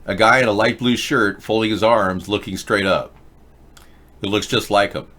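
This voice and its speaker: A man's voice: fairly low pitch, steady tone, moderate pace, bright, forceful tone. A man hosting a live-stream show, talking in a rambling, sarcastic way with frequent restarts. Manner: rambling, sarcastic, self-interrupting. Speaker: host. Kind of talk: casual live-stream commentary.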